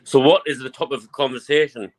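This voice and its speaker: An English man calling in to a live online chat show. He talks eagerly, circles back to the same question and interrupts the others. His voice sits in an ordinary middle pitch. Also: fairly even intonation, fast talker. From England. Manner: eager, repeats himself, interrupts. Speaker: caller. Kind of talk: casual call-in chat.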